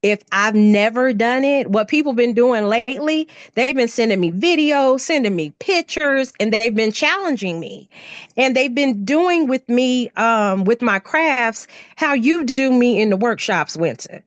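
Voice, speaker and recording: Animated woman guest, dry sound. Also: a little high, measured pace, no echo, highs cut off. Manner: animated storyteller who acts things out. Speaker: poet and craft artist guest. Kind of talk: casual interview chat.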